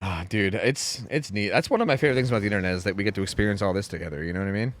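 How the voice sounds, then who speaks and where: A man's voice: lowish voice, rapid-fire. A man in his thirties with a Pennsylvania accent, chatting casually and rambling through stories while streaming a game, swearing often. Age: 30s. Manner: rambling, swears a lot, animated storytelling. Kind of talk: casual gaming stream chat.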